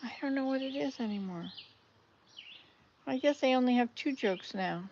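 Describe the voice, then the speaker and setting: An older woman, a grandmother, chatting casually and telling jokes on her vlog, laughing loudly at the punchlines. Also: high voice, lively intonation, normal speed, dull audio, a little hiss or hum. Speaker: vlogger. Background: birdsong.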